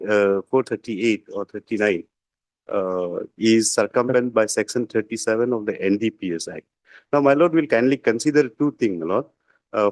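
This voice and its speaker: A man's voice: fairly low pitch, no room sound, rough recording. A man arguing as a defence lawyer over a video call, deferential and hesitant, addressing the judge as "my lord" again and again. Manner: deferential, repeats "my lord" often, hesitant with fillers. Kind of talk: courtroom argument.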